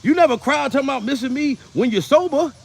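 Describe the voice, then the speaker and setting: A man's voice: very high-pitched, expressive, fast, creaky, pitched above the performer's own voice, heavily acted. A man voicing a departed loved one who looks down from heaven and scolds in a profane, exasperated way. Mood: scolding.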